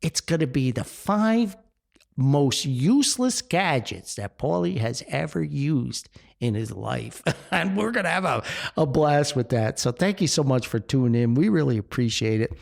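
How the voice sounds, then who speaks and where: An older man from New with a gravelly, creaky voice delivers a grumpy podcast rant. His pitch swings widely as he talks, and he sounds exasperated and laughs often. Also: animated, measured pace. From Paterson, New Jersey. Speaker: podcast host.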